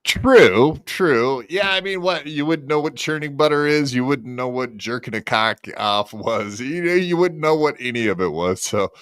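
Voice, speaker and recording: Man, podcast co-host, crude banter, mid pitch, dry sound. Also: animated, normal speed, hardly any pauses, fairly bright tone, smooth, no room sound. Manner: crude, joking, hesitant fillers. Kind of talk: casual chat.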